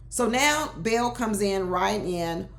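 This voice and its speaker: Lively woman recapping reality TV. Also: medium pitch, roomy sound. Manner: animated, laughing, talks straight to cast members. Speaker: reality show recap host. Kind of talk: casual commentary.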